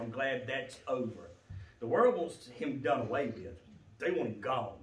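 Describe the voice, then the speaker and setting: A male pastor preaching a sermon, swinging from low, quiet passages to loud shouted ones. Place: church sanctuary. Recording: echoey church sanctuary, mic at a distance.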